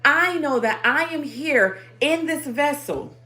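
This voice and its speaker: A woman's voice: high voice, animated, slow, sharp tone. A woman hosting a spiritual livestream sermon, speaking in with emphatic, repetitive affirmations and profanity.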